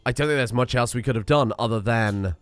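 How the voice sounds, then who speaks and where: A young man narrating his own strategy gameplay out loud, talking to himself and cursing as he plays. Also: medium pitch, a little fast, soft background music. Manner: talks to himself while playing, swearing and exasperated. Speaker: let's play streamer. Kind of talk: live gameplay commentary.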